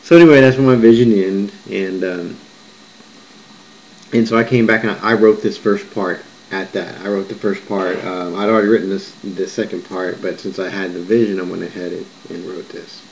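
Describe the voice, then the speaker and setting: A man's voice: low voice, fairly even intonation, normal speed, gravelly, a little mellow, slight background noise. A man recounting a vision in a rambling, digressive monologue, often restarting and correcting himself. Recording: muffled lo-fi recording with faint background ambience.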